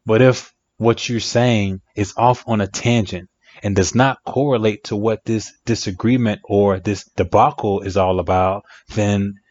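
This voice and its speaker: A man's voice: on the low side, no echo. A man giving relationship advice in a reflective monologue, emphatic and repeating phrases for effect. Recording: dry, dull lo-fi sound.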